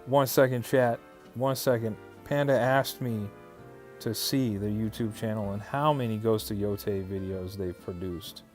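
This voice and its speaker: A man's voice: lowish voice, a little slow, a little mellow, soft background music. A man hosting a livestream who reads viewer chat aloud and answers in a loose, casual way, with plenty of fillers and restarts. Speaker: livestream host.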